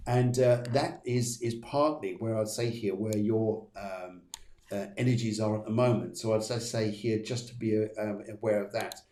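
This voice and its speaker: Rambling, upbeat psychic host. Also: male voice, fairly low pitch, normal speed, mellow, echoey room. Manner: rambling, many fillers and restarts, chatty and upbeat. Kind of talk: live-streamed card readings.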